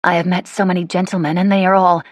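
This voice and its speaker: A woman's voice: lowish voice, flat delivery, fast talker, no room sound, lightly acted. A woman voicing a witty, bookish young American lady who answers in a dry, polite, curt manner. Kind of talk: audiobook character voice.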